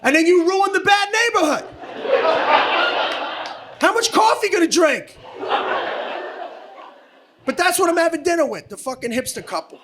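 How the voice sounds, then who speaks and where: A middle-aged man doing stand-up comedy on a club stage, brash, profane and often shouting. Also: very high-pitched, lively intonation, moderate pace, long pauses, crowd noise. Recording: live club audio with background noise.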